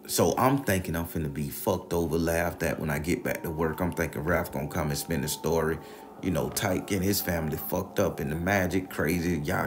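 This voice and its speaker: A man's voice: sits low, fairly quick, a little hiss or hum. A man telling a wild personal story, slangy and profane, acting out the voices of everyone in it. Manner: animated, slangy, acts out the voices.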